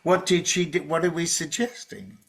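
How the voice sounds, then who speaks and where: A man presenting a teaching workshop over a video call, talking in a relaxed, chatty way with many fillers and restarts. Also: fairly high pitch, moderate pace, gravelly. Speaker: teacher trainer presenting a webinar.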